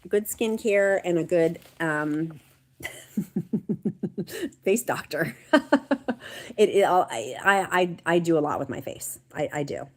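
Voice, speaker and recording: A woman's voice: lowish voice, slow pace, pauses often. A woman hosting a live stream, chatting and reading viewer comments aloud in an encouraging way. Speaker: livestream host. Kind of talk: casual livestream chat.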